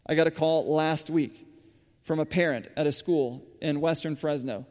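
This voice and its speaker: A man with a somewhat high voice preaches in a relaxed, chatty way, with plenty of fillers and restarts as he tells his stories. The sound carries a long reverb from a church hall. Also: normal speed. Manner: conversational, with frequent fillers and restarts. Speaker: church speaker running a school farm. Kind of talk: sermon-style storytelling.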